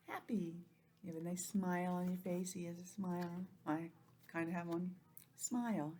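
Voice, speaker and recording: A woman teaching an online lesson to young children, gentle and expressive, acting out feelings in a sing-song way. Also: on the low side, measured pace, slight background noise. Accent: New England.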